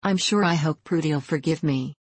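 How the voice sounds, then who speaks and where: A woman's voice: deep voice, normal speed, slightly rough, dry recording. A woman voicing an impatient, bossy little girl, the older sister, in a storybook reading. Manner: impatient scolding.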